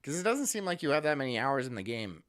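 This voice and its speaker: A man's voice: medium pitch, very animated, quick pace. Laid-back teasing male streamer. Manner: laid-back, teasing, reads out chat messages. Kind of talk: casual live-stream chat.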